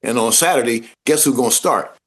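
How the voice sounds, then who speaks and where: A man in a casual interview, telling stories in an animated, informal way and acting out the voices of people he met. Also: medium pitch, a little fast. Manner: informal speech with dropped grammar. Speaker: interview guest, former football player turned actor. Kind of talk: casual anecdotal storytelling.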